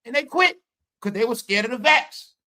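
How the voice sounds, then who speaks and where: A man's voice: extremely high pitch, lively intonation, normal speed, pushed and bright. A man hosting a podcast livestream, ranting in casual commentary, profane and mocking, laughing often. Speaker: podcast host.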